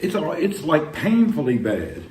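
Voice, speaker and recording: A man's voice: fairly high pitch, very animated, unhurried, a little mellow. A man chatting casually on a live stream, rambling and joking with frequent laughs, talking from inside a vehicle. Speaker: vlogger. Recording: noisy car ambience.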